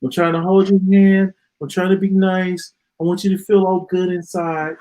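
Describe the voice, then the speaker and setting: A man's voice: high voice, flat delivery, moderate pace, warm tone, poor audio. A man hosting a live stream, ranting in an exasperated, sarcastic way and often repeating himself. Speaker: podcast host.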